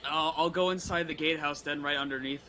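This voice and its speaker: Bright-voiced joking male player. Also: fairly high pitch, steady tone, fast talker, a little hiss or hum. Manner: profane, jokey. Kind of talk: tabletop game play.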